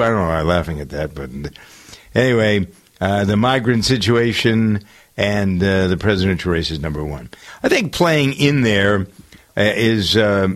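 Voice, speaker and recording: A man with a fairly low voice hosts a talk radio countdown. He wanders through each item, breaking his sentences with uhs and restarts. He sounds relaxed and chatty. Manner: meandering, many filler uhs. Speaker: radio talk show host. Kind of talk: casual radio chat.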